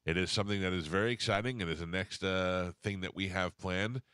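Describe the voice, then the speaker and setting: A man's voice: deep voice, fairly even intonation, bright, forceful tone, smooth, no room sound. A man hosting a morning radio show, telling loose stories in casual chat. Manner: loose storytelling, quick asides.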